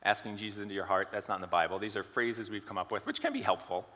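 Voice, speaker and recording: A man's voice: lowish voice, fairly even intonation, fast talker, pushed and bright, in a large hall. A man giving a sermon, telling an illustrative story and asking the congregation questions. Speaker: preacher.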